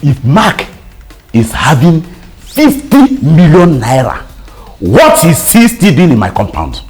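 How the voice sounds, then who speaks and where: An actor with a Nigerian accent playing a stubborn, suspicious older landlord in a comedy skit, loud and indignant. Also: male voice, a little high, huge pitch swings, takes it slowly, soft background music, heavily acted.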